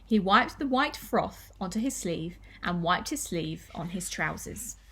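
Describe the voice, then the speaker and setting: A woman primary school teacher reading a children's story aloud with expressive storytelling. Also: lowish voice, a little slow, slight background noise.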